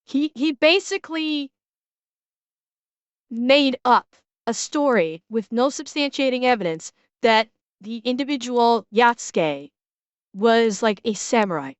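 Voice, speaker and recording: Blunt, smooth-voiced woman streamer. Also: a little high, slow, dry recording. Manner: blunt, swears freely, frequent restarts. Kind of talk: casual stream reaction.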